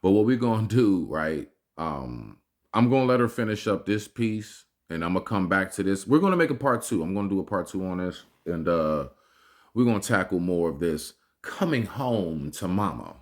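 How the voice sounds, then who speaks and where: Man, low voice, animated delivery, slangy casual commentary, reaction host. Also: normal speed. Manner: animated, slangy, swears freely.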